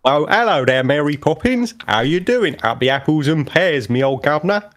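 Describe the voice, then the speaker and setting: A man's voice: fairly high pitch, animated, normal speed, a bit bright, pitched above the performer's own voice. A man putting on an exaggerated, hammy Cockney impression of a cheery chimney-sweep type. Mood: jaunty. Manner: hammy, overdone.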